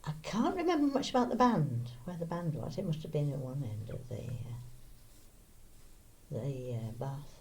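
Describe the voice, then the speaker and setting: An older woman, answering briefly and plainly. Her voice is very low and mellow, with a gravelly texture. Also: very animated, moderate pace, a little hiss or hum. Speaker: interviewee. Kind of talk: oral history interview.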